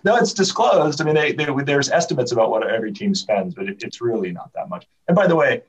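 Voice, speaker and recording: A man guesting on a podcast who chats casually and tells stories in an animated way, full of restarts. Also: medium pitch, fast talker, slightly rough. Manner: animated storyteller, many restarts. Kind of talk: casual chat. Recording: dull, distant remote audio.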